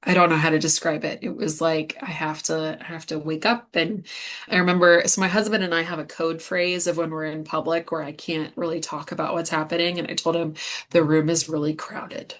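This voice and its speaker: A woman in her thirties from the United States telling a hard personal story as an interview guest, candid and halting, with many fillers. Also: low-pitched, level tone, fairly bright tone. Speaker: guest medium.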